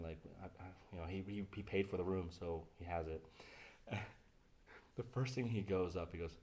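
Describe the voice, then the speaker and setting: A man's voice: low-pitched, a little fast. A man hosting a podcast, telling a story in casual chat and often laughing as he goes. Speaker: podcast host.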